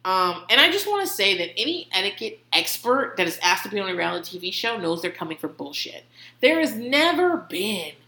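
This podcast host, a woman, gives a casual comedic recap, swearing freely and laughing often. She speaks fairly quickly in a mid-range, sharp-toned voice with big pitch swings. The room has a noticeable echo.

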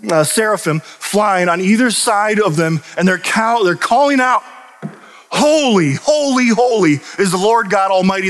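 A man preaching a sermon, animated and emphatic, often restarting his sentences. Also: a little high. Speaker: pastor and teacher. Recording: long reverb of a large hall.

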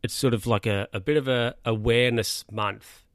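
A relaxed young Australian man talks through his plans on a solo podcast, pausing and circling back as he goes. His voice sits at an ordinary middle pitch. The recording is dry and close, with no room sound. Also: no room sound. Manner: rambling and relaxed, with many fillers and restarts. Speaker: podcast host. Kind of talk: casual solo podcast chat.

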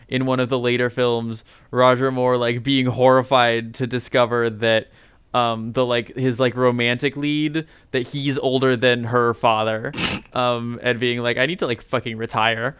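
A man's voice: medium pitch, steady tone, unhurried, fairly bright tone, clear, resonant tone, no echo. A man co-hosting a podcast, talking in a rambling, profane, casual way with many fillers. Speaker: podcast co-host.

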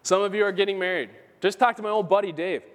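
A man's voice: sits high, fast talker. A male pastor preaching a sermon, repeating his key phrases for emphasis and reading scripture aloud. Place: church sanctuary. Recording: church sermon with a long hall reverb.

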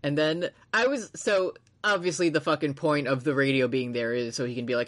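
A man's voice: a little high, fairly quick, few pauses, fairly bright tone. A man co-hosting a casual anime recap podcast, rambling, swearing freely, laughing often and acting out characters' lines. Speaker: podcast co-host.

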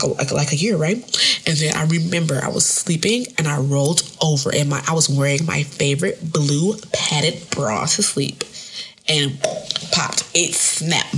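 A woman in her thirties, a podcast host, telling a funny story in casual, animated, profane speech with AAVE. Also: sits low, husky. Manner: animated, profane, laughs often.

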